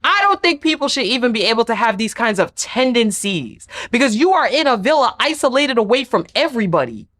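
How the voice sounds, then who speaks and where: A woman's voice: fairly high pitch, a little fast, hardly any pauses. A woman giving a casual, emphatic recap of a reality show episode, acting out the people she quotes. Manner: animated, emphatic, acts out quotes. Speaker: recap vlogger.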